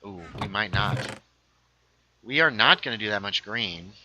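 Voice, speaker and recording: A man's voice: fairly low pitch, animated, a little slow, pushed and bright, rough recording. A man casually chatting on a gaming livestream, rambling through stories and reading chat aloud. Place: home setup, playing a game.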